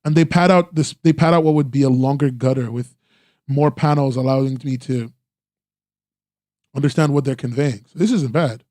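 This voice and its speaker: A man's voice: mid-range voice, moderate pace, long pauses, dark tone, dry recording, studio quality. A man casually reviewing webcomics on a stream, rambling with lots of "like" and restarts, eager in his praise. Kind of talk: casual live-stream commentary.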